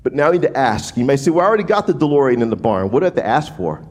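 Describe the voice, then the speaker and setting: A man from New Orleans delivers a sermon in a loose, conversational way, trailing off, restarting and checking in with "right?". His pitch swings widely as he talks. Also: rapid-fire. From New Orleans, USA. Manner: animated, casual preaching with frequent restarts and "right?" asides. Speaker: pastor.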